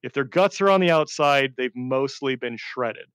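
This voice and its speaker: A man, a veteran, telling war stories in a rambling casual chat, often laughing and swinging between deadpan and excited. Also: mid-range voice, normal speed, clear, resonant tone, dry recording. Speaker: veteran storyteller.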